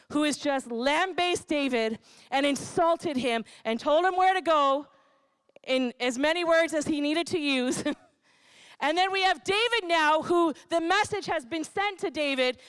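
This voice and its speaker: Woman pastor with a high voice, preaching animatedly and with emphasis; dry, close sound. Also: no room sound. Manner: animated, emphatic, laughs between points. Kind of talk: sermon. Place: church.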